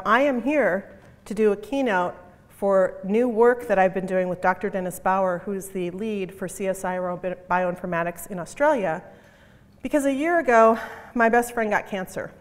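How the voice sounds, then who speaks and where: A middle-aged woman giving a conference keynote talk in an emphatic, punchy way, repeating her key phrases. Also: medium pitch. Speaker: conference speaker. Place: conference hall. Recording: long reverb of a conference hall.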